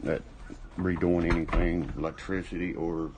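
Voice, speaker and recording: A man's voice: deep voice, flat delivery, moderate pace, darkish tone, slight background noise, poor audio. A man hosting a casual livestream, rambling and boastful, swearing often while he drinks. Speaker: livestream host.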